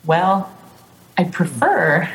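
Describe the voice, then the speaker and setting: A woman who runs tabletop games, chatting bubbly and animated as a podcast guest, laughing often. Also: on the low side. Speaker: guest, game master. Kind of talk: casual interview chat. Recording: roomy echo, faint noise.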